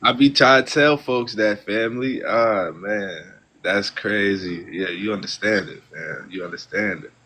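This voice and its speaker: A man's voice: fairly low pitch, a little slow, bright, forceful tone. A man talking earnestly about spiritual ideas in a casual chat, often checking in with his listener. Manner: earnest and preachy, keeps asking "you know what I'm saying".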